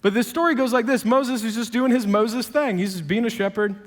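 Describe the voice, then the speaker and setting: High-voiced pastor preaching with humor. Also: male voice, a little fast, big-room sound. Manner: energetic, humorous storytelling. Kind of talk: sermon. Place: church auditorium.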